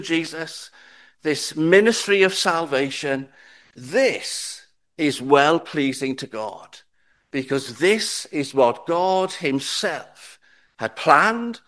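A middle-aged man preaching a sermon to his congregation, slow and deliberate, asking rhetorical questions. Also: on the high side, pushed and bright. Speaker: pastor.

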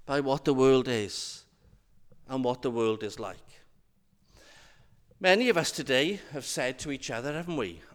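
A man preaching a sermon in a slow, emphatic way, with dramatic pauses and rhetorical questions to his listeners. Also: on the high side, clear, resonant tone. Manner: asks the congregation rhetorical questions.

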